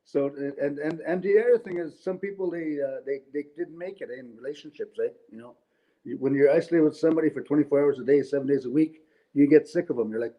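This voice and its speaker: A middle-aged Canadian comedian does rambling stand-up storytelling from home on a webcam for an online event. His voice sits on the high side and sounds mellow, moving at a quick pace, though the recording quality is low. He tosses in tag questions and chuckles at his own jokes.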